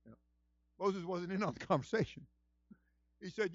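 A male senior pastor delivers an animated sermon in a high voice that swings widely. He takes his time and rises to shouting exhortation. The recording sounds dull, lo-fi and dry. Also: unhurried, pauses often, no echo. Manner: animated preaching, builds to shouts.

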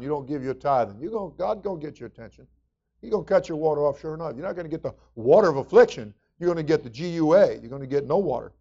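A man's voice: medium pitch, a little mellow, dull audio. A man preaching a sermon as pastor, folksy and conversational with emphatic rising bursts.

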